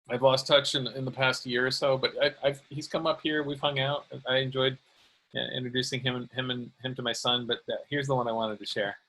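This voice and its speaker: A man in his late forties hosts a casual podcast, reminiscing about school days with an old friend. His voice is bright and forward, and his tone is chatty and nostalgic. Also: medium pitch, poor audio. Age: late 40s. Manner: chatty, nostalgic, laughs easily. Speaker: podcast host.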